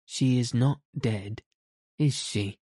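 A man's voice: mid-range voice, slow pace, warm tone, slightly rough, dry recording, studio quality. A man voicing an anxious small boy twin who asks questions in a pleading voice, in a storybook reading.

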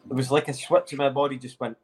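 A man's voice: medium pitch, little pitch movement, darkish tone, breathy edge. A Scottish man, a podcast host, bantering and joking in casual chat. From Scotland. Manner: joking, banter-heavy, drawn-out mock sighs.

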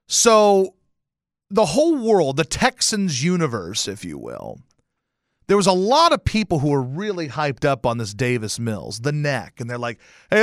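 Profane, animated sports-talk man. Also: fairly high pitch, no room sound, studio quality. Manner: profane, animated storytelling with loud outbursts. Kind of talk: casual sports rant.

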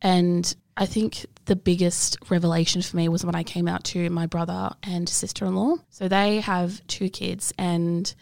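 A woman's voice: fairly low pitch, flat delivery, moderate pace, gravelly, few pauses, a little mellow, no echo. A young woman telling a personal story in an interview, earnest and open, with frequent fillers. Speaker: interview guest.

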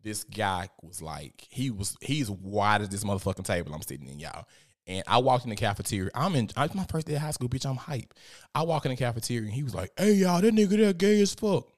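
A young adult man with chats casually, telling profane stories. He slips into the voices of the people he quotes, and his pitch leaps up sharply as he does. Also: quick pace. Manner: animated, profane storytelling with many quoted voices. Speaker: podcast host. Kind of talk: casual chat.

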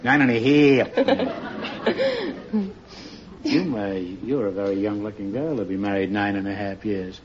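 Wisecracking man hosting a quiz show. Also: lowish voice. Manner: quick joking teasing delivery. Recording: dull old broadcast recording with hiss.

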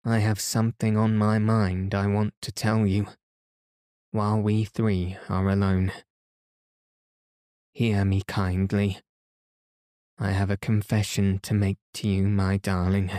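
A man reading the part of a remorseful elderly father who talks softly and slowly, pleading as he speaks. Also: fairly low pitch, flat delivery, clear, resonant tone, no room sound, clean studio sound. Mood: confessing.

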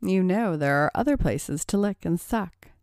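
A woman's voice: fairly low pitch, animated, measured pace, darkish tone, no echo, studio quality. A woman doing a teasing, bossy young mistress. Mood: commanding. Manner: teasing, commanding.

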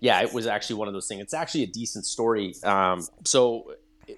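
A Canadian man, a podcast guest, telling lively stories in casual conversation. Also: lowish voice, a little fast. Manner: storytelling, animated, laughs often.

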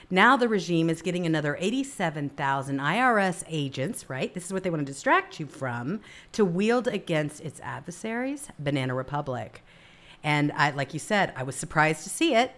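Low-voiced woman hosting with emphatic swings. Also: very animated, moderate pace, a bit bright. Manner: emphatic, swings between low murmurs and high exclamations. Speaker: talk show host. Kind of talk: casual political talk show chat.

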